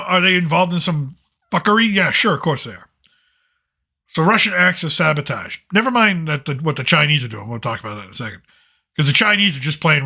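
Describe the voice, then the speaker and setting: A man's voice: fairly high pitch, creaky, pushed and bright. A man hosting a late-night commentary show, ranting in a blunt, sarcastic, rambling way with some profanity.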